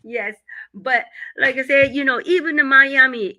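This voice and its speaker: A middle-aged woman from Japan, co-hosting a live podcast from home. She sounds stuffy from a cold and talks haltingly, with many fillers and laughs. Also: high-pitched, sharp tone, poor audio. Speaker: podcast co-host. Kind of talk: casual live podcast chat. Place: home in winter. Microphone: computer mic.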